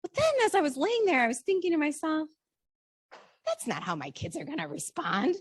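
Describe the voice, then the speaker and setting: A woman author giving a library talk, telling her story with lively animation and questions to the audience. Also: high voice, brisk. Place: library program room.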